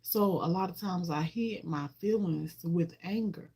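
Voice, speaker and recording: A woman vlogger speaks unhurriedly in a lowish, warm, husky voice during a casual livestream. She greets her viewers by name and talks with deep feeling, often circling back to repeat herself.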